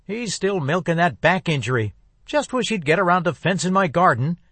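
A man's voice: sits high, lively intonation, moderate pace, a bit bright, dry recording, voice pushed up, heavily acted. A man doing a wry small-town shopkeeper woman. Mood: wry teasing. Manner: dry, teasing gossip. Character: older rural woman shopkeeper, wry and chatty.

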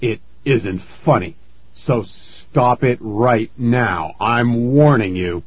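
A man voicing an angry father who scolds and shouts warnings, on a dull, lo-fi recording. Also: mid-range voice, slow, breathy edge, no room sound. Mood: angry stern.

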